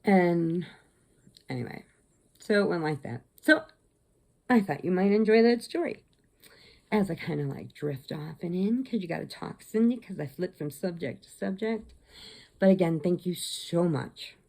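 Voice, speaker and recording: Give me a middle-aged woman telling stories on her own channel, in a low voice with a dark, mellow tone. She rambles from one subject to the next in a chatty, friendly way. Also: expressive, normal speed, vocal fry. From Illinois, USA. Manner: rambling, chatty, laughs often. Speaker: crochet channel host. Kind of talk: casual storytelling vlog.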